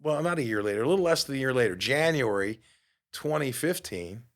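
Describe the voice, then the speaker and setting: Animated New man telling a story. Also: medium pitch, a little fast. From New York. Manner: animated, acts out quoted dialogue. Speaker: podcast host. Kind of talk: storytelling monologue.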